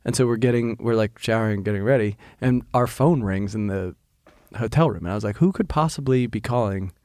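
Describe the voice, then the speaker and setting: A man's voice: on the low side, brisk, a little mellow, no room sound, clean studio sound. A man co-hosting a podcast, telling a story in a chatty, casual way and swearing freely. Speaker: podcast co-host. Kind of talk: casual chat.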